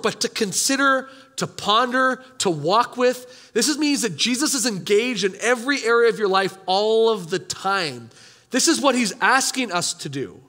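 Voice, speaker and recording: A man's voice: high voice, expressive, normal speed, bright, forceful tone, big-room sound. A man preaching a sermon as pastor, talking conversationally and emphatically, putting rhetorical questions to his congregation. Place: church hall.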